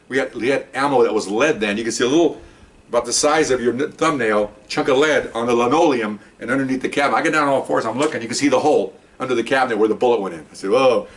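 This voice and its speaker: An older man, a retired police officer, telling a story in a casual, animated way and acting out the people he quotes. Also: medium pitch. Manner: animated, acts out quoted voices.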